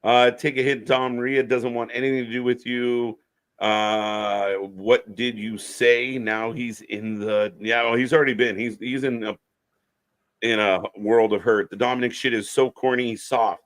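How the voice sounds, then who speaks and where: A man's voice: mid-range voice, level tone, a little slow. A man co-hosting a live wrestling stream in a laid-back, casual way, reading out chat comments and laughing often.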